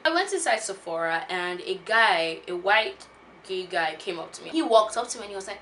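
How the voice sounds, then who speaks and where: Bright-voiced woman beauty vlogger. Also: medium pitch, fairly quick, a little hiss or hum. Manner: animated, laughs often while telling. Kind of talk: casual storytelling.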